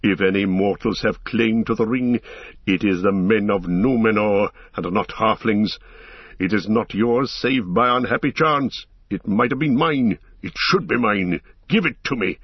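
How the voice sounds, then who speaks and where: A man's voice: lowish voice, measured pace, slightly rough, no echo. A man voicing a proud, fervent tall warrior in an audiobook, impassioned, pleading and raging. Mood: angry. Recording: slightly dull lo-fi recording.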